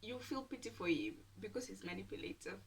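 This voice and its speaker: A young woman from Namibia, telling a storytime with animated, dramatic delivery and whispered asides. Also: mid-range voice, fairly quick, recorded from a distance. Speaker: YouTuber. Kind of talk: casual storytime.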